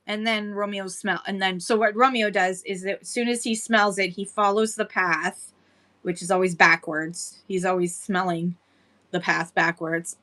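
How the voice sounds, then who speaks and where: A woman's voice: a little high, sharp tone. A woman hosting a casual livestream chat, chatty and laughing often as she greets viewers by name. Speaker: livestream seller host.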